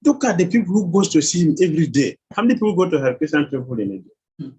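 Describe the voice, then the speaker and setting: A man's voice: a little high, animated, fast, mellow, breathy edge, poor audio. A man teaching a scripture class who keeps quizzing his listeners with questions and chuckles as he goes. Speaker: spiritual teacher.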